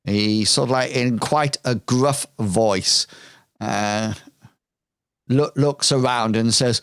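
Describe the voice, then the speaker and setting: A game master leads a tabletop session at an unhurried crawl, filling the gaps with ums. His low voice is smooth and clear, and it is recorded dry and close. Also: fairly bright tone, no room sound. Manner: hesitant, full of ums, descriptive.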